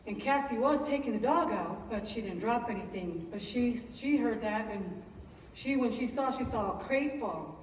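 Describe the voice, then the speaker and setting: Higher-pitched woman, heartfelt church testimony, earnest storyteller, distant mic in a big reverberant hall with faint ambience. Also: animated, normal speed, a little hiss or hum. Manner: earnest storytelling, praising God between sentences. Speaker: church member giving testimony. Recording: echoey hall from far off.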